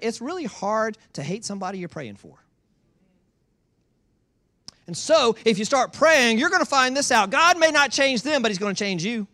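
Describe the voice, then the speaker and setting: A pastor preaching a sermon, emphatic and repetitive, asking the congregation rhetorical questions and sometimes dropping into quiet asides. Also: male voice, extremely high pitch. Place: church in Georgia.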